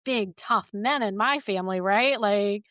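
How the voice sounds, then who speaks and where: A woman's voice: medium pitch, measured pace, a bit bright, no echo, clean studio sound. A woman in her forties hosting a podcast, chatting casually and laughing often. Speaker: podcast host. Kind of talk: casual conversation.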